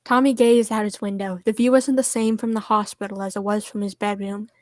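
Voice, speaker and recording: A woman reading fan fiction aloud to friends on a stream, steady and soft in the sad parts. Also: medium pitch, brisk, no echo.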